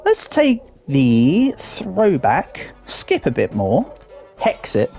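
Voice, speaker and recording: A man's voice: fairly high pitch, wildly swooping pitch, drawn-out words, creaky, mellow, soft background music. An Englishman with a fairly posh accent, chatting playfully with his chat while streaming a game, with lots of ums and restarts. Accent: English, fairly posh southern English. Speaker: livestreamer reading chat. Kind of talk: casual livestream chat while gaming.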